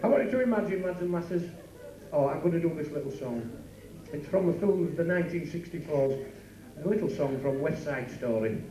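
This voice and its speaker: A man doing bawdy stand-up comedy at a working men's club, with rapid patter and asides to the crowd. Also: on the high side, animated. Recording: echoey room from far off, noisy.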